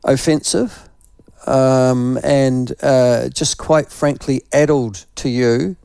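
A man's voice: medium pitch, steady tone, slow pace, creaky, warm tone, smooth, no echo, studio quality. An older man from New Zealand with a New Zealand accent, a radio host telling a rambling, self-mocking story in casual morning chat while unwell with flu.

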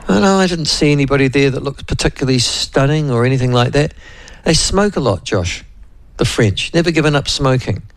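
A New Zealand man hosts a relaxed talk radio show, wandering from story to story with plenty of ums and uhs. His voice has a gravelly, creaky edge, and the recording is dry and close. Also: medium pitch, a little fast, no echo. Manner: rambling, chatty, many fillers. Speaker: radio host. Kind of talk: casual talk radio chat.

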